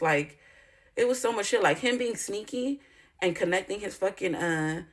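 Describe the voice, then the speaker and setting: A woman's voice: mid-range voice, animated, moderate pace. A woman telling a personal story in a candid vlog, blunt and profane, rambling with filler words and breaking into indignant outbursts. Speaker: YouTuber.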